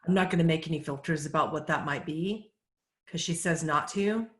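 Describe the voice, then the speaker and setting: During a casual live Q&A, a female psychic medium relays messages calmly, gently, and in a measured way. Her voice is low, and the sound is reverberant.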